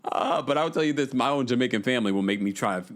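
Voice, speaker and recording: A man's voice: medium pitch, fast. A man hosting a casual livestream recap, chatting and reading viewer messages aloud. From United States. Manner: chatty, reads viewer super chats aloud. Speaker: podcast host.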